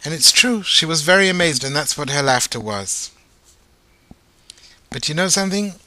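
A man teaching Torah in a lively way, asking his listeners rhetorical questions. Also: on the high side, normal speed, dry recording. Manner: animated, asks rhetorical questions.

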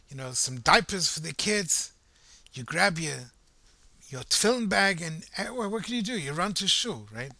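A man tells a story with lively, conversational animation, speaking straight to the listener and acting out crowd voices. His pitch is fairly high, and the recording is dry.

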